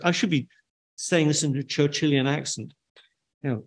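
An older man giving an academic lecture in a measured, deliberate way, with dry asides. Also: on the high side, creaky, breathy edge. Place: lecture hall.

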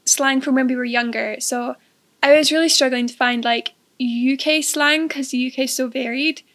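Woman high gravelly Scottish co-host. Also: fairly even intonation, moderate pace, a bit bright. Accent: Scottish, Dundee. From England, raised in Dundee, Scotland. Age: young adult. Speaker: podcast co-host. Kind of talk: casual chat.

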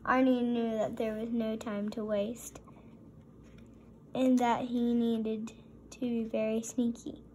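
A woman reading a children's story aloud in a gentle, expressive way. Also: on the high side, slight background noise. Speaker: storybook reader.

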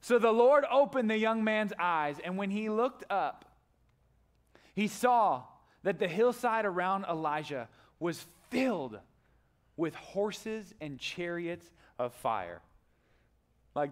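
Animated high-voiced male pastor preaching. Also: a little slow. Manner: animated storytelling, acts out characters with sudden loud high bursts. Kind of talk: sermon. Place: church stage.

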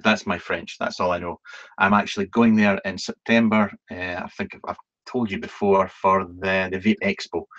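A man's voice: lowish voice, a bit bright. A man hosting a live Q&A video stream, chatting casually and rambling, with plenty of ums, restarts and the odd swear word. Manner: chatty and self-deprecating, swearing now and then. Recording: dull, lo-fi stream audio.

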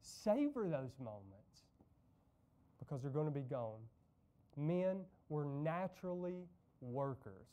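Pastor guy preaching in church, chatty and folksy, warm mellow tone. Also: a little high, sing-song, slow, pauses often, dull audio. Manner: conversational preaching with anecdotes and asides. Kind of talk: sermon. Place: church sanctuary.

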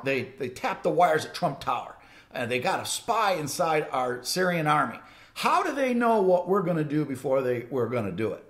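A man teaching on scripture in a loose, conversational way, with frequent false starts and restarts. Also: fairly high pitch. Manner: rambling, many restarts, conversational. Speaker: Bible teacher. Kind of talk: informal sermon teaching.

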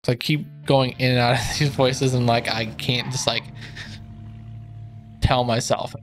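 A man's voice: mid-range voice, flat delivery, unhurried, faint music behind. Chatty self-mocking young man gaming. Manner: chatty, self-mocking, trailing off mid-sentence. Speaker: gaming video creator. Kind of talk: casual gameplay commentary.

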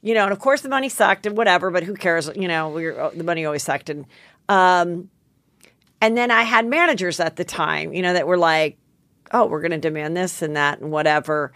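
A woman's voice: on the low side, brisk, fairly bright tone, dry recording. A woman in her forties hosting a podcast, telling rambling stories with frequent laughs and casual swearing. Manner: rambling storyteller, swears freely, laughs often. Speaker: podcast host. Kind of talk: casual chat.

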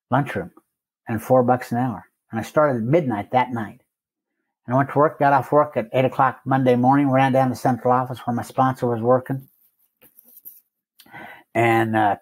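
An older man with a husky voice tells a plainspoken personal recovery story, repeating phrases for effect. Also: medium pitch. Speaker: recovery meeting speaker.

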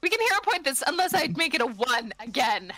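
A woman playing eagerly at the game table. Her voice is high, bright and widely swinging. Faint music plays behind. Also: big pitch swings, fairly quick. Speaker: player. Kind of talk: tabletop role-play.

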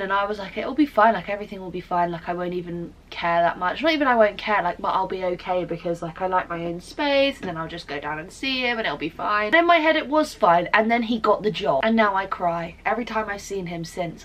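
A woman's voice: mid-range voice, lively intonation, brisk, hardly any pauses, fairly bright tone, low-quality recording. A young woman, ranting in a casual vlog, dramatic, sweary and self-mocking. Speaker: vlogger.

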